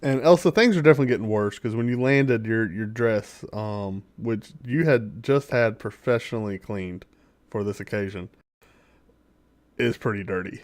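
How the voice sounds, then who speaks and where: A man's voice: lowish voice, normal speed, no room sound. A man narrating as dungeon master, rambling through descriptions with many fillers and chuckles. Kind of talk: narrating a tabletop game.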